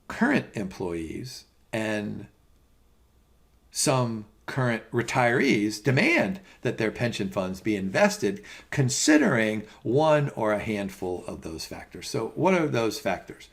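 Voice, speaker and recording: A man's voice: on the low side, big pitch swings, takes it slowly, gravelly. A middle-aged man teaching a finance exam prep lecture in a conversational, rambling way with many fillers and asides. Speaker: finance instructor. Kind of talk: recorded lecture.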